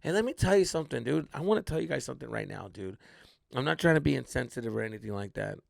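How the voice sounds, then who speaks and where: A young adult man, a comedian hosting his podcast, telling a story in an animated, swearing style and acting out the voices. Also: medium pitch, quick pace, creaky, no room sound, clean studio sound.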